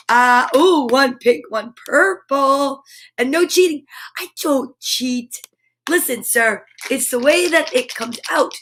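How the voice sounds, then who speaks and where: A woman's voice: sits high, fairly bright tone. A woman hosting a live stream, chatting with viewers and reading their comments aloud in a bubbly, exclamatory way. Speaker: host of a live comedy stream.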